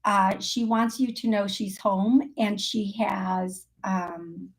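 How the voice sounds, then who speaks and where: A woman's voice: medium pitch, fairly even intonation, takes it slowly. A woman hosting a call-in show as a psychic medium. She talks in a chatty, rambling way, with lots of fillers and self-corrections, and laughs often. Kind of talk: casual live call-in readings.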